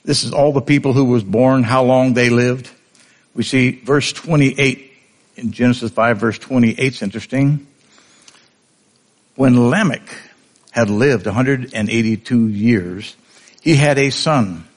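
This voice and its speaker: A man's voice: medium pitch, unhurried, pauses often. A male preacher giving a conversational sermon, often asking the congregation questions.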